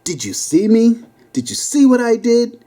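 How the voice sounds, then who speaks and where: A man's voice: extremely high pitch, very animated, normal speed, warm tone, voice pushed up. A man voicing a bold, smug eleven-year-old boy in a storybook reading. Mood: boastful. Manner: smug, daring.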